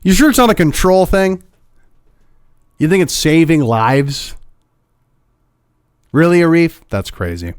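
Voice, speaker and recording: A young man delivers opinionated commentary in a mocking, sarcastic manner. His voice sits a little higher than most men's. The recording is dry and close, with no room echo. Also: lively intonation, measured pace, pauses often, clean tone. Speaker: political commentator.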